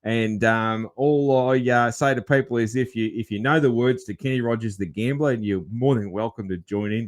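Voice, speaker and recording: A man hosting a podcast interview, relaxed and laughing easily, with plenty of fillers. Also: on the low side. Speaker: podcast host. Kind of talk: casual interview chat.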